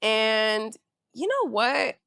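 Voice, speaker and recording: A woman's voice: on the high side, very animated, drawn-out words, vocal fry, a bit bright, no room sound, studio quality. A young woman from Northern California hosting a podcast, telling a casual storytime in a chatty, slangy way full of "you know" and "you feel me.". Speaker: podcast host.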